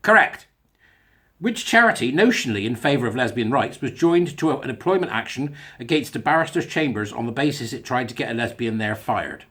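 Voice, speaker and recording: A man putting on the voice of a pompous middle-aged male TV quizmaster, drawn out and booming. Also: animated, pushed and bright. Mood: grand. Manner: booming, drawn-out quiz-host delivery.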